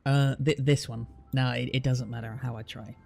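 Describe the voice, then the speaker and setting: A man's voice: medium pitch, little pitch movement, moderate pace, gravelly, darkish tone. A British man live-streaming, reading out place names one by one and chatting casually with his viewers, with the odd swear.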